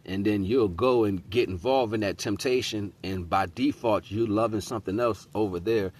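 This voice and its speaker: Man, middle-aged, slightly low voice; loose preachy monologue, slangy. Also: moderate pace, darkish tone. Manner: preachy, street slang, repeats "you know what I'm saying". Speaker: host. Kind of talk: casual spiritual monologue.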